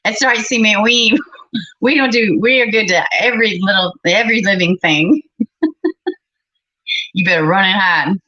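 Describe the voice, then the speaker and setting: A woman's voice: medium pitch, normal speed, pauses often, sharp tone. A middle-aged woman, hosting a livestream and chatting bluntly and with exasperation with her live chat. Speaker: livestream host. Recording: slightly muffled recording.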